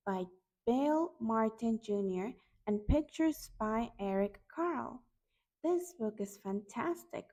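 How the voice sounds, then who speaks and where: Very slow sing-song children's teacher woman. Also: on the high side, darkish tone, rough recording. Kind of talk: children's video lesson.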